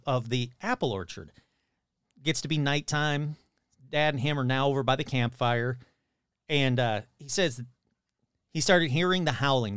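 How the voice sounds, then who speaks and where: Recorded at studio quality with no echo, a medium-pitched man with a clean tone relays a story someone told him. He brings it to life by performing the characters' voices, keeping the talk loose and full of swearing.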